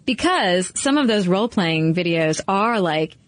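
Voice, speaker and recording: A woman's voice: on the low side, lively intonation, unhurried, no echo. Conversational woman podcast co-host. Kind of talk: casual podcast discussion.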